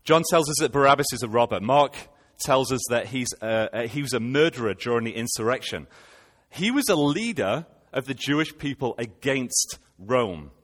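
A man's voice: medium pitch, lively intonation, normal speed, a bit bright, big-room sound. A man preaching a sermon, retelling scripture and posing rhetorical questions to his listeners.

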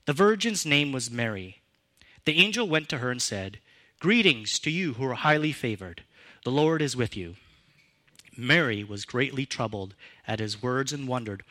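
A man preaching a sermon as pastor, with expressive, emphatic delivery that rises and falls in pitch and loudness. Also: moderate pace.

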